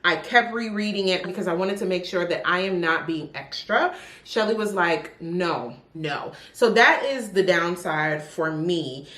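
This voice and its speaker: A woman's voice: lowish voice, animated, fairly bright tone. A woman from Jamaica with a Jamaican accent, reviewing books in a chatty, emphatic way. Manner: chatty and emphatic, with drawn-out stresses. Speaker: book vlogger. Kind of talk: casual book review. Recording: echoey room.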